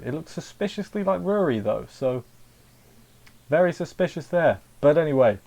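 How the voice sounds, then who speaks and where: A man's voice: a little high, a little mellow. A man giving a casual, rambling spoken review of an anime episode, often repeating words and restarting sentences.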